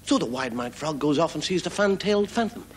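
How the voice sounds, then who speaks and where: An Irish man, a comedian and host, telling a story in an animated stand-up style in a TV studio before an audience. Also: on the high side, fast, husky. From Ireland.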